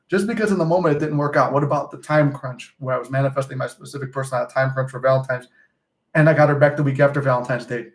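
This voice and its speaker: Fast-talking man, loose and profane. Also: fairly high pitch. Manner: loose and profane, many fillers and asides. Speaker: manifestation coach. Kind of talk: casual storytelling monologue.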